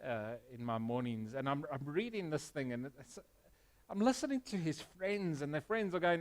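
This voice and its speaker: Earnest South African pastor preaching. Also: male voice, on the high side, animated, normal speed. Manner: earnest, emphatic preaching with sudden quiet drops. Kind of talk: sermon. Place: church.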